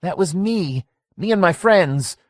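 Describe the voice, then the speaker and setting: A man doing a shrill, desperate young man. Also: expressive, a little slow, no room sound, studio quality. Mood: pleading. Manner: pleading, shrill, sobbing.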